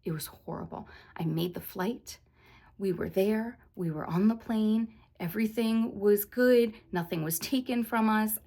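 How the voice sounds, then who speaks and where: A young woman vlogger telling a story in a rambling, animated way, with lots of fillers. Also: medium pitch, unhurried. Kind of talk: casual storytime monologue.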